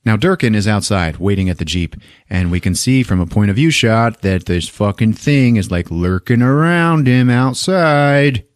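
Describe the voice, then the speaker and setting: A man's voice: fairly low pitch, moderate pace, hardly any pauses, no room sound, studio quality. A man hosting a podcast, casually retelling a movie plot with lots of swearing and laughter. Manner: profane, laughing storytelling. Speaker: podcast host.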